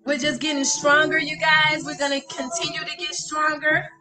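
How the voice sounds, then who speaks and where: A woman's voice: high voice, level tone, moderate pace. A woman, a life coach signing off her live stream, effusive and encouraging, calling out viewers by name. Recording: music playing loudly behind her. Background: loud music.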